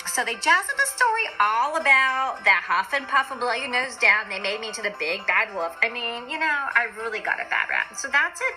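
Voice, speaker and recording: A woman's voice: a little high, low-quality recording. Woman voicing a big bad wolf, storybook narration, self-pitying, rambling asides, music behind. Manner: rambling asides, defensive and aggrieved. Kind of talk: storybook reading for kids. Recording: music playing underneath.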